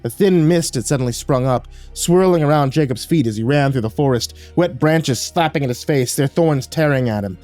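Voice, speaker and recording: A man's voice: medium pitch, moderate pace, hardly any pauses, warm tone, soft background music. A man reading a horror story aloud in a dramatic storytelling manner. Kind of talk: scripted horror narration.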